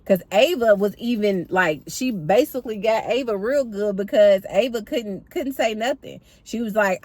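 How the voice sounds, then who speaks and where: A woman's voice: mid-range voice, normal speed, hardly any pauses, darkish tone, dry recording. A woman chatting animatedly to her viewers as she recaps a TV episode, apparently from a car. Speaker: TV recap vlogger. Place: in or by a parked car.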